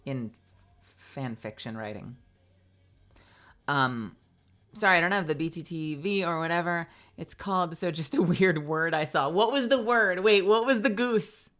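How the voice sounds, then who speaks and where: Lower-voiced woman voice actor chatting on stream, rambles, um and like a lot. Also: unhurried, a bit bright, soft background music. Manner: rambling, many fillers, laughs often. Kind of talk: casual live-stream chat.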